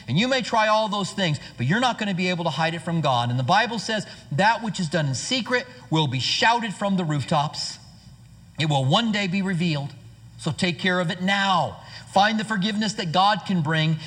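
A male pastor preaching earnestly and conversationally, his high voice bright with a husky edge. The sound rings with the long reverb of a church hall. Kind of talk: sermon. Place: church sanctuary.

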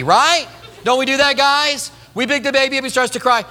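A male pastor preaching a sermon, telling a story with lively acted-out quotes. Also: very high-pitched, fairly quick, in a large hall, some chatter behind.

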